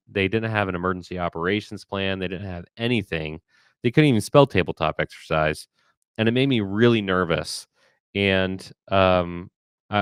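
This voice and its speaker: This is a man hosting a podcast, lower-pitched than most, with a smooth and resonant tone. He talks emphatically and animatedly, often restarting mid-sentence. The sound is dry and close, with no room around it. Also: no echo. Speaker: podcast host. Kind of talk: conversational interview.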